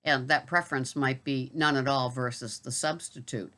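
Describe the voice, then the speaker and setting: A middle-aged woman speaks with a low, forceful voice. She rambles through a casual vlog monologue, wandering into asides and fillers along the way. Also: steady tone, moderate pace. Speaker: grocery delivery shopper.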